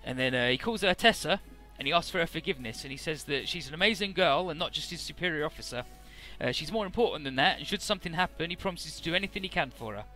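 A man's voice: fairly high pitch, animated, quick pace, few pauses, pushed and bright, soft background music. A man casually recapping a game's story, chatty, with many filler words and the odd swear. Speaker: let's play narrator.

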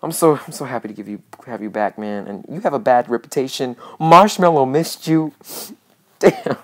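Low-voiced excitable woman gamer. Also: normal speed. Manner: excitable, repeats phrases, swears casually. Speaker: gaming channel host. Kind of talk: let's-play commentary.

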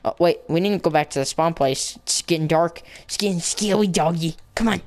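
A young woman talks through her gameplay in a loose, playful way, joking and muttering to herself as she goes. Her voice sits a little low for a woman. She chats to her viewers casually, as if they were right beside her. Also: a little fast, few pauses, darkish tone. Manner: playful, chatty, talks to in-game animals in a squealing baby voice. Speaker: gaming channel host. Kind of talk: casual game commentary.

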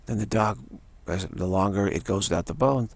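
A spiritual teacher gives a slow, repetitive dharma talk, often restarting and chanting a soft "wow" refrain. His voice is lowish, gravelly and husky, with no room sound.

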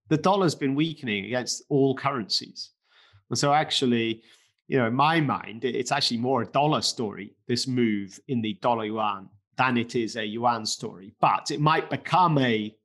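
A man's voice: mid-range voice, normal speed, a bit bright. A man co-hosting a markets podcast, explaining in a casual, emphatic way with plenty of "okay" and "you know". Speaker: co-host, markets commentator.

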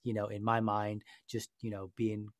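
A man's voice: on the low side, completely flat delivery, moderate pace, dry recording, studio quality. A man hosting a podcast discussion, telling a story in a passionate, sarcastic way. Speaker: podcast host. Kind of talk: casual discussion.

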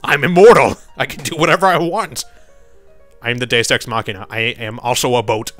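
A man voicing a sly old king in a deep, slow, mock-solemn voice with a slight put-on British accent. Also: a bit bright, no room sound, faint music behind, natural voice.

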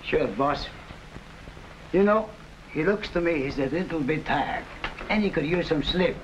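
A man's voice: a little high, expressive, unhurried, slight background noise. A man playing an eager, thuggish gangster henchman in a 1940s radio drama, on a dull old recording. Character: dim-witted gangster henchman, grown man.

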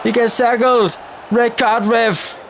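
A young man giving live commentary over a football video game, shouting at the referee in frustrated outbursts. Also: very high voice, level tone, slow, slight background noise. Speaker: gaming YouTuber.

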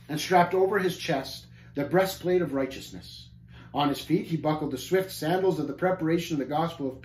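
A man reading a storybook aloud with lively, dramatic narration. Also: a little high. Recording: roomy church hall.

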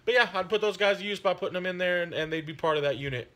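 A man's voice: sits high, racing, bright, forceful tone. A man hosting his hobby channel, chatting in a rambling, friendly way with many fillers. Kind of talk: casual chat.

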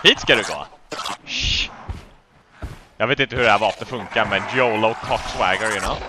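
A man giving excitable, laughing commentary as he plays a video game. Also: lowish voice, moderate pace, background noise. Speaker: gamer. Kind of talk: let's play commentary.

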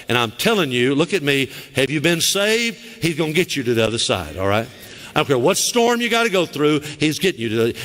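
A middle-aged man with a Southern US accent preaching a lively sermon as pastor in a church, acting out quoted voices with sharp high cries. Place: church sanctuary. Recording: church sanctuary with long reverb.

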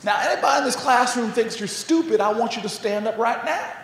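A woman's voice: fairly high pitch, animated, fairly quick, roomy sound, in a large hall, a little hiss or hum. A man voicing a stern, impatient female schoolteacher with a Southern accent, scolding her class. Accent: American Southern. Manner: drawling, scolding.

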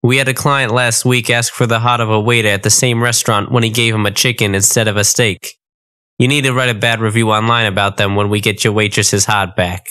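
A man's voice: lowish voice, fairly even intonation, brisk, bright, forceful tone. A man voicing a pushy male phone operator for hired killers, with a Brooklyn accent and a salesy, brash manner.

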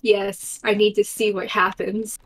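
A woman's voice: mid-range voice, level tone, a little slow, a bit bright. A woman co-player in casual gaming chat, making dry teasing jabs.

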